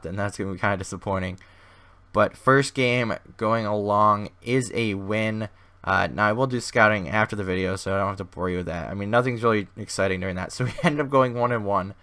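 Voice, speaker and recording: A man with a hoarse, fading voice giving casual, rambling commentary over a video game as host of his gaming channel. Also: on the low side, fairly even intonation, brisk, a bit bright. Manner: rambling, thinks aloud with many restarts.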